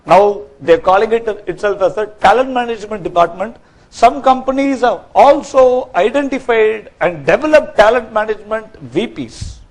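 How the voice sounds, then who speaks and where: High-voiced man giving a workshop talk. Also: normal speed, poor audio. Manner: lively, quizzes the audience. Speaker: workshop speaker. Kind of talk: corporate training talk. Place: stage at a live workshop.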